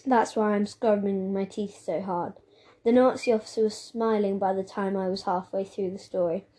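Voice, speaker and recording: A woman reading a children's novel aloud, telling the story in a steady, plain way. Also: medium pitch. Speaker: audiobook reader.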